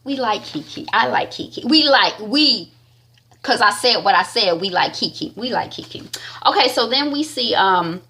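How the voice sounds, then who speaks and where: A woman talks through a TV episode in a loose, chatty way at a mid-range pitch. She circles back and repeats her points for emphasis, like she is chatting with a friend. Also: lively intonation, moderate pace, pushed and bright. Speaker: TV episode recapper. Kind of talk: casual TV recap.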